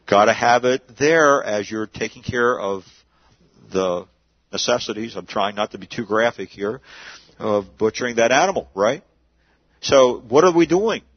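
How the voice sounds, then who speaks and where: Guy preaching a sermon, kinda husky voice, dry dull lo-fi sound, chatty q-and-a style. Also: medium pitch, expressive, measured pace, dry recording. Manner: conversational preaching, asks and answers his own questions. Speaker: pastor.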